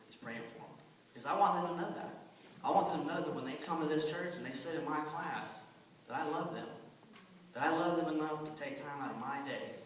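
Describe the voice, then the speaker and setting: A man who teaches a children's church class gives an earnest testimony, repeating himself a lot for emphasis. His voice is a little high and a bit bright, heard from far off in an echoey hall with slight background noise.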